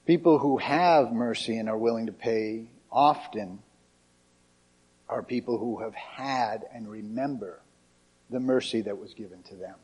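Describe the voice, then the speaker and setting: A man's voice: medium pitch, unhurried, a little mellow, breathy edge. A male pastor preaching a sermon in a conversational, emphatic way.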